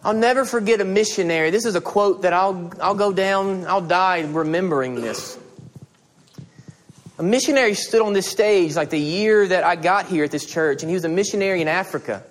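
A middle-aged male pastor delivering a sermon in a high, light voice. He tells stories with energy and acts out the conversations in them. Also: moderate pace. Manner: animated storytelling, acting out dialogue.

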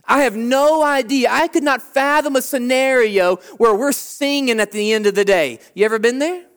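A man preaching a sermon as a pastor, animated, acting out the people's complaints in short bursts. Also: extremely high pitch, normal speed, smooth.

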